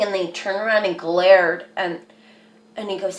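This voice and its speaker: Woman, earnest rambling storyteller, slow unhurried delivery, echoey room. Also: medium pitch. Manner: rambling, earnest, says "like" a lot. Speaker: vlogger. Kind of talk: personal storytelling to camera.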